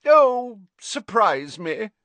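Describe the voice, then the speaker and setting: A man's voice: high voice, sing-song, extremely slow, a bit bright, no echo, voice pushed up, full character voice. A man voicing a genial, airy older male teacher in a storybook reading. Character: jovial older male schoolteacher.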